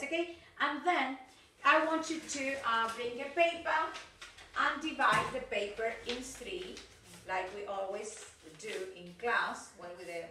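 A woman teaching an English class, slow and patient, often checking in with "yes, okay?". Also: on the high side, sharp tone, far from the mic, slight background noise. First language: Spanish. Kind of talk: recorded online class. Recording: roomy, from off-mic.

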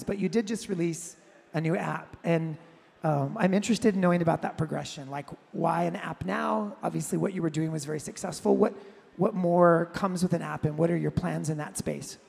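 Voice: medium pitch, brisk, vocal fry, a little mellow, breathy edge, in a large hall. An interviewer asking long, curious questions in a live on-stage interview. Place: large event hall with audience.

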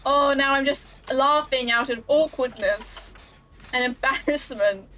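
High-pitched and sharp in tone, this woman speaks slowly with fairly even intonation. She's a streamer playing a game and casually talking to her chat, frequently giggly and flustered.

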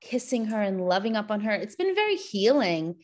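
A woman guest in a podcast interview, animated and full of fillers, acting out the voices of people in her story. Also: mid-range voice, a little fast. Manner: animated, acts out quoted voices; frequent fillers like "like" and "you know".

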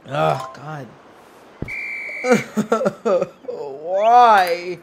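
A man's voice: high voice, animated, drawn-out words, vocal fry, slight background noise. A young man giving casual gameplay commentary, exasperated and swearing a lot as he groans and laughs at his misses. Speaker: gaming video creator. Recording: game music playing loudly under the voice. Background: game music.

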